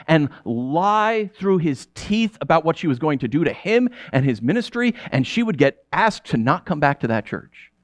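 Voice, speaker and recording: A man's voice: fairly high pitch, no room sound. A man in his thirties preaching a conversational sermon, telling stories and asking rhetorical questions. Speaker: pastor.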